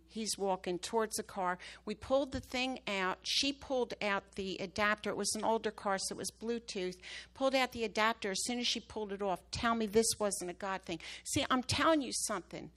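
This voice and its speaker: Delivering a sermon testimony to her congregation, a woman speaks in a medium-pitched, somewhat bright voice. Her storytelling swells into emphatic, rising bursts whenever it reaches a key moment.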